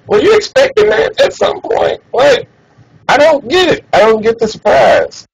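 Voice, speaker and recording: High animated profane male streamer. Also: moderate pace, creaky, rough recording. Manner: animated, profane, laughs often. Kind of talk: casual chat.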